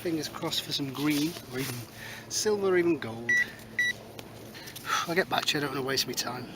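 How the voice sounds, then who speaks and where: A man talks through his finds in a field, casual and cheeky, full of little asides. His voice sits a touch high. Outdoor noise runs clearly behind him. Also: a little fast. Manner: chatty, cheeky asides, says moving on a lot. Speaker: metal detecting vlogger. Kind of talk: casual running commentary while detecting.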